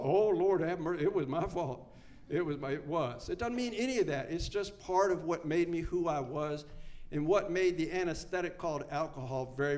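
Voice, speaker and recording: An older man from Maryland tells his story of addiction and recovery to a meeting room full of listeners. He talks in a casual, storytelling way with a touch of self-deprecating humor. His voice sits a little on the high side for a man. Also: moderate pace, a little mellow. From Maryland, United States. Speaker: AA speaker. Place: meeting room before a live audience.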